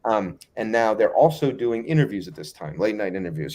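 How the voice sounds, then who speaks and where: A man telling a long anecdote as a guest in a casual interview, animated and acting out other people's lines. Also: fairly low pitch, fairly quick, creaky, few pauses. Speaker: guest storyteller.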